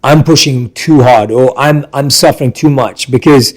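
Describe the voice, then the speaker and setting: A man's voice: medium pitch, moderate pace, low-quality recording. Male podcast host, attentive and affirming, plain mid-range voice. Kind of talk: interview questions and backchannel.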